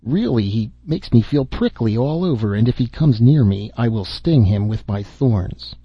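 A man voicing a scornful, disgusted cactus in a storybook reading, with a husky voice. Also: medium pitch, lively intonation, normal speed, no room sound, highs cut off. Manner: scornful, raised voice.

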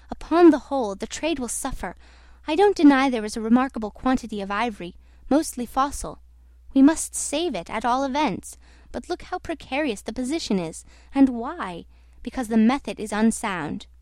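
A woman's voice: on the high side, expressive, moderate pace, a little mellow, no echo, close to an everyday voice. A woman reading aloud, voicing a smug, fussy male manager who talks of caution and duty. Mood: smug scheming. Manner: fussy, self-satisfied. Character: scheming, smug man company manager.

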